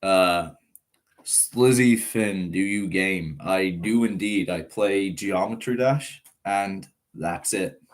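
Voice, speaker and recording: A nineteen-year-old man from Ireland, but his accent sounds American. He chats on a live stream in an unhurried, rambling way, reading out comments and padding his talk with fillers. His voice sits a little low, and his pace is slow and drawn out. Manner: laid-back, rambling, reads chat aloud, frequent laughs and fillers. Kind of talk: casual live-stream chat.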